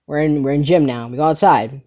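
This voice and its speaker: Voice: mid-range voice, brisk. Rambling teen comedy storyteller. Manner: rambling, animated, swears casually. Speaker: comedy channel host.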